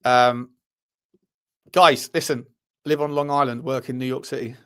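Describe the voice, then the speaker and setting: A man with an English accent and a medium-pitched, slightly bright voice runs a live fan show. Chatting casually, he reacts to viewer messages, swears freely, and laughs at himself while recounting stories.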